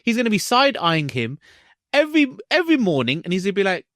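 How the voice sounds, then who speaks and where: Lively, animated male podcast co-host. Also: sits high, fast talker, no echo, studio quality. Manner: animated storytelling, acts out lines in other voices. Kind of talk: casual podcast chat.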